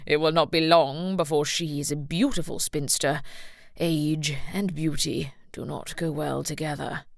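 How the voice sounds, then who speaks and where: A woman voicing a tipsy, rude older uncle who slurs his words slowly and loudly in an audiobook. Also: deep voice, steady tone, gravelly, no room sound, studio quality. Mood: mocking. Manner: slurred, slow, loud and mocking. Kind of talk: audiobook narration.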